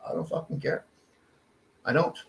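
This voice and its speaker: A Canadian man ranting in a casual podcast chat, swearing constantly. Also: normal speed. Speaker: podcast co-host. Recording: echoey room.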